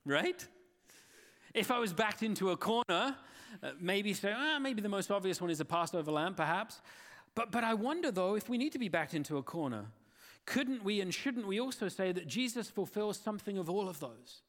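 A man's voice: high voice, expressive, normal speed, a bit bright, in a large hall. A man preaching a sermon, earnest and full of rhetorical questions to his listeners. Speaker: pastor.

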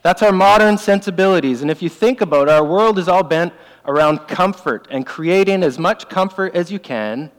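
A man's voice: high-pitched, normal speed. A male preacher delivering an earnest sermon, stressing and repeating his main points. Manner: earnest, emphatic, repeats key phrases. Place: church sanctuary. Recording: long reverb of a large hall.

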